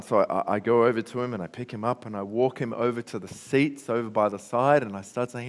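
A man's voice: mid-range voice, quick pace, hardly any pauses. A man with an Australian accent preaching a sermon, telling stories in a conversational way. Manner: conversational storytelling. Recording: long reverb in a hall.

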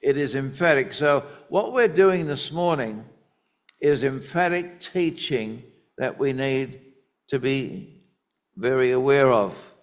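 Slow, deliberate male preacher. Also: mid-range voice, lively intonation. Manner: deliberate, emphatic Bible teaching. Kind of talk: sermon.

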